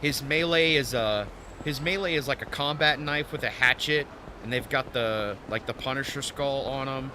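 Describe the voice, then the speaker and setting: A man's voice: medium pitch, moderate pace, pushed and bright, a little hiss or hum. A young man streaming, rambling casually with lots of fillers while commenting on his game. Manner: chatty, rambling, filler-heavy.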